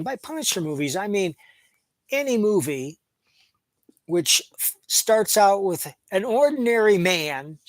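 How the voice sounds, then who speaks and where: A man's voice: on the high side, dry recording, low-quality recording. Opinionated man reviewing a movie. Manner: plain-spoken, opinionated, retelling plots at length. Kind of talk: casual opinionated film review.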